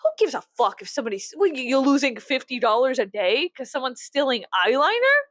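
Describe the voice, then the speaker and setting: A woman in her thirties from the United States, vlogging at home while she gets ready, rambling and swearing, mocking herself and breaking into loud laughs. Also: high-pitched, big pitch swings, fairly quick, no room sound. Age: 30s. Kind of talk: casual get-ready-with-me chat.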